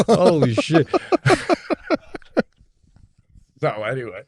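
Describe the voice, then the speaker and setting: A man's voice: high-pitched, huge pitch swings, slow pace, long pauses, breathy edge. A middle-aged man co-hosting a podcast in casual chat, laughing often and asking questions as he mimics voices in his stories. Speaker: podcast co-host.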